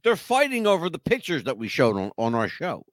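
A man's voice: a little high, a little fast, no echo, clean studio sound. A man co-hosting a casual podcast, telling stories in a rambling, emphatic way. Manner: animated, rambling, emphatic storyteller. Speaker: podcast co-host. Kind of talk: casual chat.

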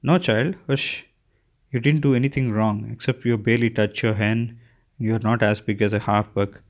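A man voicing a stern elderly woman who talks with brisk, hard-edged reproach. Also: fairly low pitch, steady tone, lightly acted. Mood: scolding.

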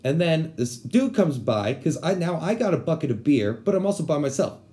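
Young man from Texas, casual storyteller: mellow tone, lively and profane. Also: fairly high pitch, normal speed. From San Antonio, Texas. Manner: animated, profane, slangy.

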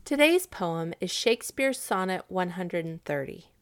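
A woman narrating a classic story for listeners, expressive and acting out the characters' lines. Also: lowish voice, measured pace.

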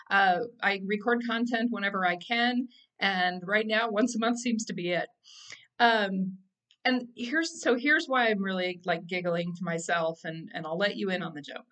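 A woman's voice: mid-range voice, a bit bright. A woman hosting her own podcast, talking casually with lots of fillers and restarts and laughing at herself. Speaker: podcast host. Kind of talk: casual solo podcast monologue.

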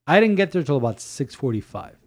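Animated priest telling stories. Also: male voice, a little high, brisk. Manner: animated storytelling, many restarts. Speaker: priest and podcast co-host. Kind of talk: casual chat.

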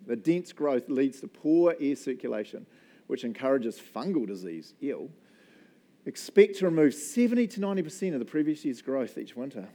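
A man with a New Zealand accent preaching a casual, jokey sermon in church, telling animated stories with self-deprecating asides. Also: mid-range voice, moderate pace. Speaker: pastor.

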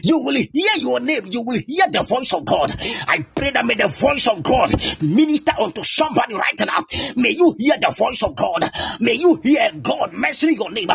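A man pastor preaching and praying fervently on an online prayer line, with impassioned, repetitive declarations and shouted peaks. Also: extremely high pitch, big pitch swings, normal speed, gravelly, breathy edge, no echo. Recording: dull lo-fi sound with faint music.

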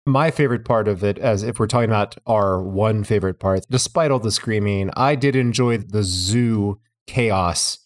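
A man's voice: on the low side, moderate pace, hardly any pauses. A man co-hosting a casual podcast discussion, with a dry humor and frequent laughs. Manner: dry, laughs often between remarks. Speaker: podcast co-host. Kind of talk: casual chat.

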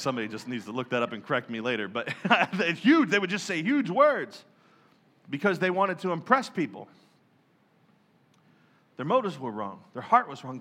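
A male pastor giving a lively sermon, joking and acting out people's prayers in mock voices. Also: fairly high pitch.

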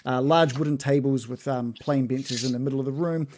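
A man's voice: medium pitch, steady tone, a little fast, a little mellow. A man narrating a tabletop fantasy game as game master, rambling with lots of fillers.

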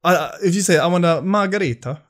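A man's voice: sits high, steady tone, very fast. A young man co-hosting a casual podcast chat, laughing often and slipping into joking accents. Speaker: podcast co-host.

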